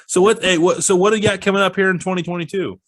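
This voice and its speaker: A man's voice: high voice, fairly even intonation, racing, a bit bright, no echo. Man, from the Midwest, podcast host, rambling, laughs a lot, dry sound. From American Midwest. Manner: rambling, laughs often, self-deprecating. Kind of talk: casual chat.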